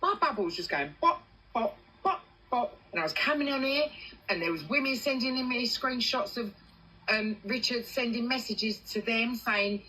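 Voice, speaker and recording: An English woman on a casual livestream, telling a personal story in animated bursts and swearing freely. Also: fairly high pitch, normal speed, slightly rough, poor audio. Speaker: TikTok livestreamer.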